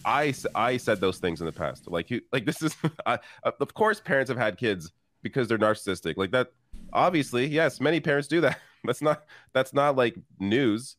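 A man's voice: medium pitch, expressive, moderate pace, fairly bright tone, no room sound. A man on a political panel, reading out a tweet and commenting with amused laughter.

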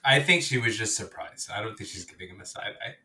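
Animated, bright-voiced man chatting. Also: on the low side, fast. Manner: animated storytelling, laughs often. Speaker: podcast co-host. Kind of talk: casual chat.

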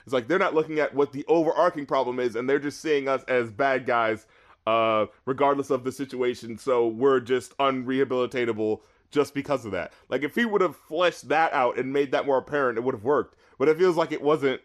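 A man in casual chat about an album, animated, swearing, and quoting lyrics at length. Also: mid-range voice, brisk. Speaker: podcast co-host reviewing an album.

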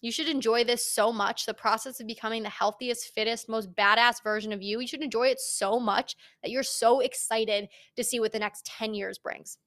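A woman's voice: on the high side, fairly even intonation, normal speed, hardly any pauses, a bit bright. A young woman hosting a fitness podcast, speaking straight to the listener in a casual, emphatic, motivational monologue and swearing freely.

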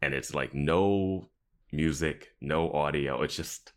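A man's voice: a bass voice, takes it slowly. A young man co-hosting a podcast, chatting casually, laughing often and thinking aloud with lots of fillers. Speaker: podcast co-host. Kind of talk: casual chat.

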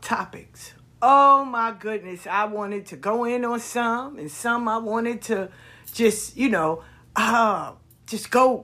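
A woman hosting a podcast, telling stories in a casual monologue, expressive and repetitive, swearing freely. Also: fairly high pitch. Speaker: podcast host.

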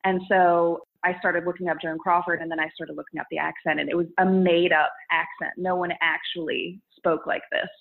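A woman's voice: on the low side, level tone, a little fast, vocal fry, hardly any pauses. A young woman chatting in an interview about making videos, laughing often and restarting her thoughts. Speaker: guest, content creator. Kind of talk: casual interview chat. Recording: phone-like narrow sound.

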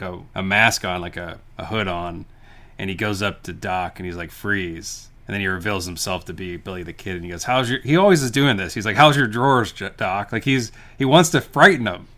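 A man with a low, bright and forceful voice co-hosts a movie podcast. He retells scenes in an animated way, with laughs and stumbling restarts. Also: fast. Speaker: podcast co-host. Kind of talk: casual movie review chat.

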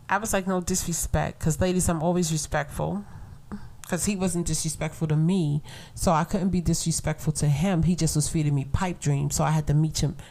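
A middle-aged woman from Brooklyn, telling a story in a casual podcast monologue, blunt and animated, laughing often. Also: deep voice, gravelly. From Brooklyn, New York. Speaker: podcast host.

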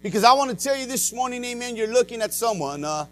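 High-voiced male pastor preaching, lots of uh and amen, faint hum in the background. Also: animated, fast. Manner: dramatic testimony with swings from loud to hushed; frequent "uh" and "amen" fillers. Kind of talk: sermon.

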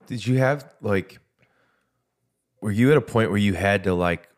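A man hosting a podcast, asking gentle, halting questions full of "like.". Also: fairly low pitch. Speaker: podcast host. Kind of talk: interview questions.

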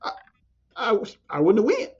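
Animated high-voiced man telling a story. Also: moderate pace, breathy edge. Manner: animated, acts out quoted voices, stammers and restarts. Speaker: podcast guest. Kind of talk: storytelling in casual interview. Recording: dull lo-fi sound, faint music.

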